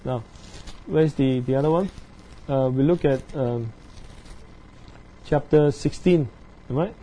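A man teaching through a Bible passage verse by verse. He talks haltingly, with many fillers, and keeps checking in with his listeners through tag questions. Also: mid-range voice, mellow, low-quality recording. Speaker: preacher.

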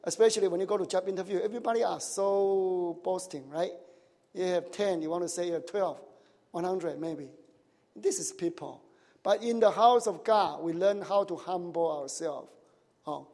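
A man preaching a sermon in a high, light voice that rings out through a church hall with long reverb. He keeps asking the congregation questions, checks in with "right?" and "huh?", and speaks with nonnative grammar. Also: normal speed, darkish tone. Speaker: pastor.

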